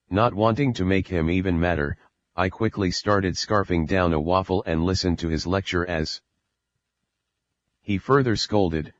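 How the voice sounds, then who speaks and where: A man reading an audiobook in first-person narration, plain and unhurried, in a dull lo-fi recording. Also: deep voice, dry recording.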